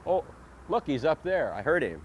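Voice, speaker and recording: A man making sardonic, deadpan asides to the camera. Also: on the high side, moderate pace, slight background noise. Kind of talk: talking to camera.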